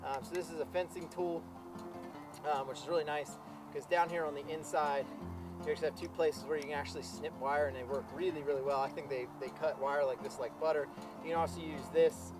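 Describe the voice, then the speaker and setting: A man's voice: fairly high pitch, steady tone, fairly quick. A man explaining farm fencing in a casual how-to vlog, rambling with lots of ums and uhs, outdoors on a farm. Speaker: farmer vlogger. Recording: music playing underneath. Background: music.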